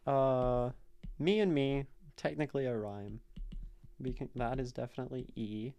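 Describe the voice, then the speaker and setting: A man with a mellow, mid-range voice speaks at a moderate pace from his streaming room. On a live stream he casually analyzes a poem's rhyme and meter, thinking aloud and reading lines back to himself.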